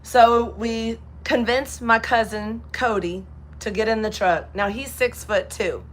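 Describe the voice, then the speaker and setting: A woman's voice: fairly high pitch, fairly even intonation, unhurried. Chatty woman host, light Kentucky twang, storyteller, faint hiss behind. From Texas. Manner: chatty storyteller, acts out other people's lines. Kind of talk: casual live chat.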